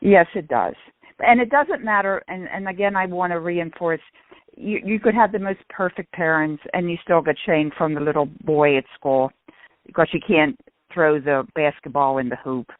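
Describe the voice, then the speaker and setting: A middle-aged woman talks earnestly on the radio, slowing down to stress her points and restarting as she thinks. Her voice comes through a thin, phone-like band with no room echo. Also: on the low side. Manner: earnest, with restarts and slow emphasis. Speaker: guest speaker on shame and guilt. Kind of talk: casual radio talk. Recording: tinny phone-like radio sound.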